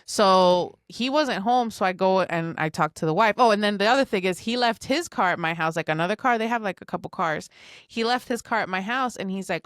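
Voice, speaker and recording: A woman's voice: medium pitch, fairly quick, clean tone, no room sound, studio quality. A woman co-hosting a podcast, telling a story with emphasis and acting out the dialogue. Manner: emphatic, acts out quoted dialogue. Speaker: podcast co-host. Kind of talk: casual storytelling chat.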